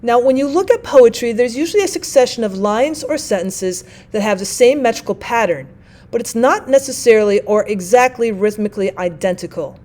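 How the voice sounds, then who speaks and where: A woman delivers an explanatory lecture in a methodical way, reading her examples slowly. Her voice sits on the high side, expressive and a little mellow.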